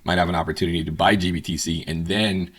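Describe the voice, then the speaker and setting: A man's voice: sits low, fast, husky. A man co-hosting a market show, talking casually with many fillers. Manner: relaxed, many fillers like um and you know. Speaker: co-host.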